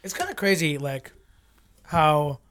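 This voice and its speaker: A man's voice: a little high, big pitch swings, measured pace, a bit bright. A man chatting on a comedy podcast, teasing and laid-back. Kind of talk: casual comedic chat.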